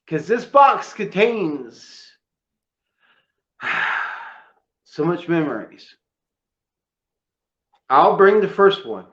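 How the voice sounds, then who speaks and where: A man's voice: high-pitched, drawn-out words, long pauses, dull audio. A man chatting casually as a co-host, telling emotional stories about his collection. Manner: excitable storyteller, emotional and choked up at times. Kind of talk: casual chat.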